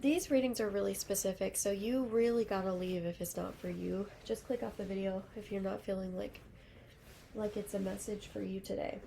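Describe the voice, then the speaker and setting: Young woman, casual tarot reader, rambling and chatty, gravelly fry. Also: medium pitch, fairly even intonation, normal speed, mellow, slight background noise. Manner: chatty, rambling, lots of fillers. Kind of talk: casual tarot reading to camera.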